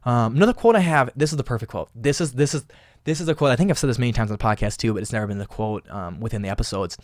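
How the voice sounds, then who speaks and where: A man's voice: mid-range voice, racing, dry recording, studio quality. A young man hosting a casual motivational podcast, talking solo in an impassioned, emphatic way and often repeating phrases. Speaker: podcast host.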